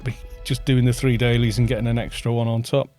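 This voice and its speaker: A man talks through a live game stream in a loose, rambling way, thinking aloud and replying to his chat. His voice sits at a middling pitch. Soft music plays faintly behind him. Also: little pitch movement, fast talker. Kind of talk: casual live-stream chat while gaming.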